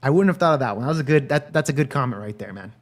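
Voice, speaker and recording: Man hosting a reaction stream, rambling and profane, mid-pitched voice. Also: lively intonation, rapid-fire. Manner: profane, rambling, laughs often. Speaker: stream host. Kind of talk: casual reaction commentary.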